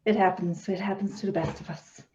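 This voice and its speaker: A woman's voice: mid-range voice, steady tone, a little fast, a little hiss or hum. A woman hosting an online meeting, reassuring a speaker over a video call. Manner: reassuring, laughing softly. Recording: muffled and distant.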